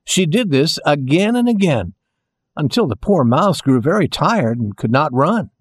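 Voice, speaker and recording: A man narrating a children's storybook in a slow, gentle, expressive way. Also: fairly high pitch, breathy edge, dry recording, studio quality.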